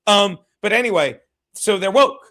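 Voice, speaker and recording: A man's voice: high voice, animated, moderate pace, bright, forceful tone. A man hosting a podcast, chatting casually and bluntly, rambling and swearing often. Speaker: podcast host. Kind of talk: casual, profane chat.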